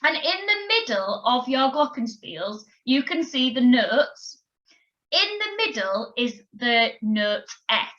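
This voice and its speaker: A woman teaching a recorded children's music lesson, giving clear, encouraging instructions and counting beats aloud. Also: a little high, big pitch swings, slow pace, a bit bright, highs cut off. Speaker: primary school music teacher.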